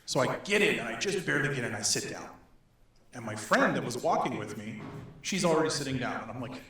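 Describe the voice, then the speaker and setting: Animated man telling a story in an echoey hall. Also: mid-range voice, a little fast. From Northern Alberta, Canada. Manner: animated, laughing, acts out quoted voices. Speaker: speaker. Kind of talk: storytelling to an audience. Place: synagogue hall.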